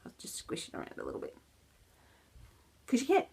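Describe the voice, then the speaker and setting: A woman hosting a knitting podcast in a casual, rambling chat, with self-deprecating laughs and soft asides that drop almost to a whisper. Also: medium pitch, huge pitch swings, fairly quick, gravelly, breathy edge.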